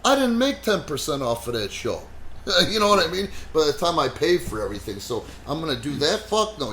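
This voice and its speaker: A man hosting a wrestling podcast, telling stories in a blunt, profane, animated way with lots of "you know.". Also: mid-range voice, a little hiss or hum. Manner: animated, swears heavily, frequent "you know". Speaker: wrestling promoter and podcast host. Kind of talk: casual profane podcast storytelling.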